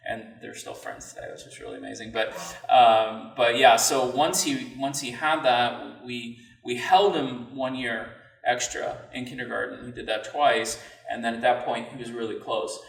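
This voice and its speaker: A man as a podcast guest, telling a personal story in an earnest, reflective and halting way. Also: medium pitch, fairly even intonation, vocal fry. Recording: roomy sound, mic at a distance.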